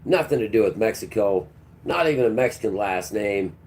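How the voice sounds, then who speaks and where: Man, low mellow voice, preachy livestream rant, snaps at chat. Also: animated, fairly quick, a little hiss or hum. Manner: preachy and combative, talks back to chat. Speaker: livestream host. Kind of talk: ranting livestream monologue.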